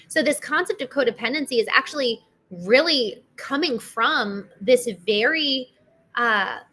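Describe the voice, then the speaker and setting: Woman hosting her own talk show, earnest and chatty, kinda high and bright. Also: a little hiss or hum. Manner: earnest, conversational, with many restarts and asides to listeners. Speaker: host. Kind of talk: solo talk show monologue.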